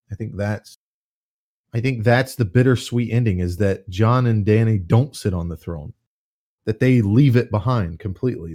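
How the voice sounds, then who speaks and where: A man's voice: fairly low pitch, no room sound, clean studio sound. A man in casual chat about a fantasy series, swearing freely and talking it through with animation. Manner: animated, profane, swings into loud mocking voices.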